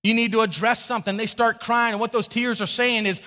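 High-voiced pastor preaching in a reverberant hall. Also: male voice, a little fast, hardly any pauses. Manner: animated storytelling, acting out quotes, frequent restarts. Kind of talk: sermon.

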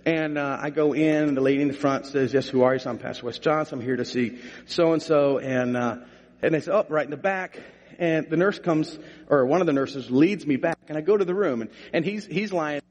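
A man's voice: a little high, a little fast, darkish tone. A middle-aged male pastor preaching a sermon, telling a funny story in a folksy way before building into emphatic preaching. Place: church sanctuary. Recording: long reverb of a church hall.

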